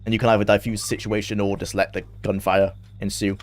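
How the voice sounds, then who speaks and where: A man's voice: fairly low pitch, little pitch movement, fast, a little hiss or hum. A young man chatting casually on a game stream, laughing often and talking to his chat.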